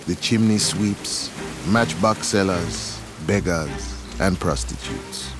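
Low-voiced male storyteller over music. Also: slow pace. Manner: dramatic, storytelling. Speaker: narrator. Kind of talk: scripted second-person narration.

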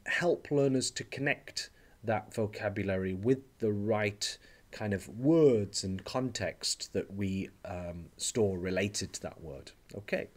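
A male teacher giving an online lecture, explaining step by step in a relaxed way and often pausing with "okay" and "um". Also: fairly low pitch.

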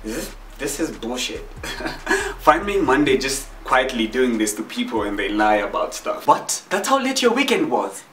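A man's voice: mid-range voice, unhurried, a bit bright, slight background noise. A man hosting a reaction video, casual, joking and self-deprecating, who swears a lot. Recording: roomy, distant mic with music.

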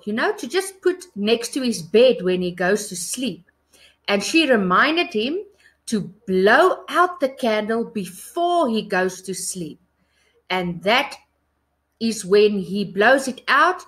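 Slow, lively-voiced woman teaching phonics. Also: a little high. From South Africa. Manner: slow, sing-song, encouraging teacher talk to children. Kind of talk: recorded online lesson for young children.

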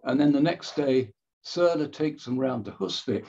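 A man giving an illustrated history talk with slides, measured and wry, pausing and correcting himself as he goes. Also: medium pitch, expressive, warm tone, highs cut off.

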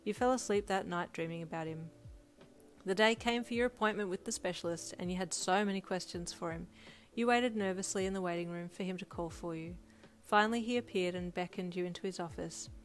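A woman reading a second-person fan fiction story in an even, steady way. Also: fairly low pitch, fairly quick. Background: faint music.

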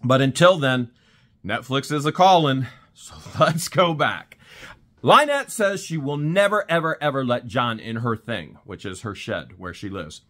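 A man's voice: medium pitch, expressive, a little slow, sharp tone. A man recapping events in a casual vlog, telling the story animatedly with laughs and exclamations. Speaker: channel host.

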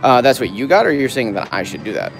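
A man live-streaming slot play from a casino floor, cursing and shouting at the machine while he reads out viewer messages. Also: medium pitch, fast talker, creaky. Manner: excitable, profane, yells at the machine. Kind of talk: casual live-stream chat.

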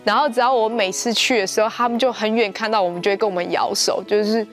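A woman's voice: mid-range voice, steady tone, faint music behind. A missionary woman from Taiwan recounting her work in casual interview talk with a Taiwanese Mandarin accent, stringing her sentences together with many fillers. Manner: rapid, loosely strung narration with many fillers. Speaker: missionary, pastor's wife.

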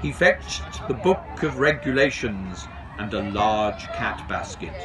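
A man reading a children's story aloud to an audience at an outdoor event, in an expressive, lively way. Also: lowish voice, slow, a crowd in the background. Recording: distant mic outdoors.

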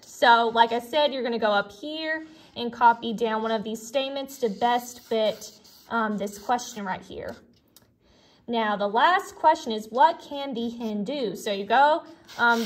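A young woman teaches young students in a friendly, explanatory way. Her voice sits a little high. She pauses on fillers and restarts her words now and then. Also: slight background noise. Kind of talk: recorded elementary classroom lesson.

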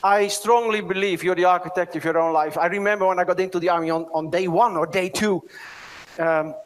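High-voiced Dutch man giving a keynote. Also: fairly even intonation, brisk. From Netherlands. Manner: storytelling, asks the audience "right?" often. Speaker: keynote speaker. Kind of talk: conference keynote talk.

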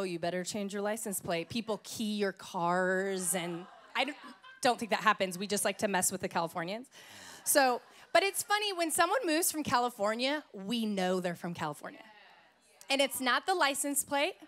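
Lively storytelling woman pastor. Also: on the high side, moderate pace. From Idaho. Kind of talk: sermon. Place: church.

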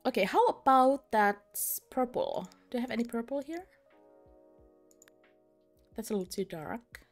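A woman's voice: on the high side, lively intonation, a little slow, faint music behind. A young British woman streaming a game, chatting with viewers, giggling often and poking fun at herself. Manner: giggly, laughs often, chatty and self-mocking. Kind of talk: live-stream game commentary.

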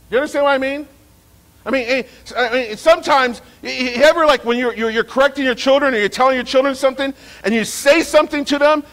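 A man preaching a sermon as pastor, lively and repetitive, with frequent restarts. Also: very high voice, low-quality recording.

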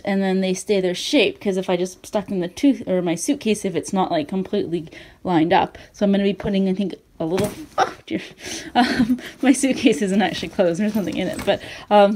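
A woman's voice: medium pitch, fairly bright tone. Chatty woman vlogging. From Canada. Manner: rambling, chatty, many fillers and giggles. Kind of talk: casual chat to camera. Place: home, indoors.

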